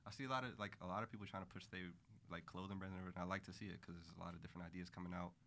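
A man hosts a casual chat, his voice very deep and bright-edged. He talks quickly in easygoing slang with lots of fillers. A faint hum sits behind him. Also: steady tone, creaky. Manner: laid-back slang, fillers. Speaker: podcast host.

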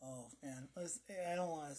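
A man's voice: a little high, normal speed, darkish tone. A man co-hosting a podcast in casual chat, telling rambling stories that trail off. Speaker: podcast co-host.

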